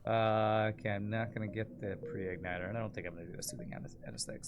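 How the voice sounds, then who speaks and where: A man's voice: fairly low pitch, fairly even intonation, fast, music in the background. A man chatting casually as he streams a game, rambling and laughing often. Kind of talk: casual gameplay commentary.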